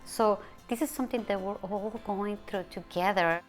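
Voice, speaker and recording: A middle-aged woman speaking as a bereaved mother in an emotional personal interview, halting and soft, with hushed quoted speech. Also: mid-range voice, soft background music.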